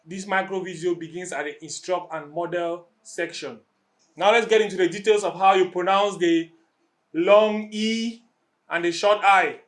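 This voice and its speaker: A man's voice: high-pitched, steady tone, moderate pace. A man teaching English pronunciation to a class. He models vowel sounds, repeats them patiently and keeps checking in with "okay?".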